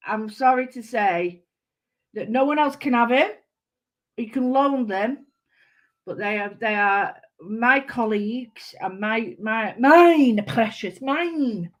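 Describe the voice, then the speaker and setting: A woman's voice: a little high, fairly bright tone. Bubbly Mancunian woman hosting a craft stream. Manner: chatty and bubbly, greets viewers by name. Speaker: craft channel host. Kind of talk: live-stream craft chat.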